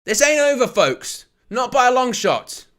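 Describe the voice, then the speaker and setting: Excitable high-voiced bright male commentator. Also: measured pace. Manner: excitable, jokey, laughs often, rises to shouts at near-misses. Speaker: host of a live match watch-along. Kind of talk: live play-by-play commentary and chat.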